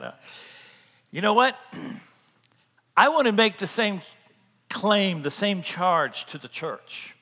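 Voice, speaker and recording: A man preaching a sermon as pastor, earnest, swinging between loud emphatic lines and quiet asides. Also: high-pitched, animated, takes it slowly, long pauses, big-room sound.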